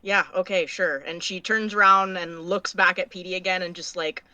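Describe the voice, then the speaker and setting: A woman casually describing her character's actions in a tabletop game, halting with fillers. Her voice is bright and sharp, heard dry and close with no room sound. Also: lowish voice, fairly even intonation, dry recording. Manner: casual, halting, laughing easily. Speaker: player.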